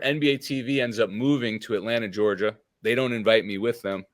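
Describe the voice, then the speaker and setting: A man's voice: fairly low pitch, a bit bright, dry recording, studio quality. A man in his thirties, a podcast guest, telling a long casual story full of fillers and acted-out quotes. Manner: rambling, lots of fillers and quoted dialogue.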